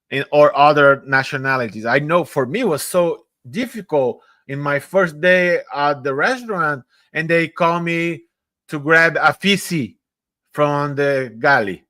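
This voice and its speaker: A man, hosting a casual live interview and asking chatty, rapid questions. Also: a little high, pushed and bright, dry recording. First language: Portuguese. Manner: chatty, quick-firing questions. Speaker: host.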